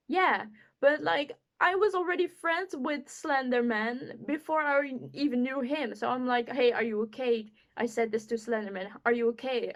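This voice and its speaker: Rambling young woman vlogger, slightly high. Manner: rambling, animated, filler-heavy storytelling. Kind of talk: casual storytime monologue.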